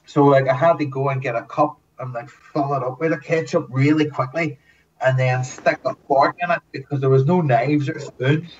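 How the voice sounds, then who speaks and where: Animated swearing man telling set stories. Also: a little high, moderate pace, distant mic, muffled recording, a little hiss or hum. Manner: animated, swears often, acts out quotes. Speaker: guest, former TV extra. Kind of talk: casual storytelling.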